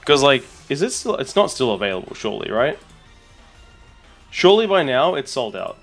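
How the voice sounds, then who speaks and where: Brief: male streamer, mid-pitched, excitable and rambling, casual chat. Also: moderate pace, faint music behind. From Australia. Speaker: streamer and content creator.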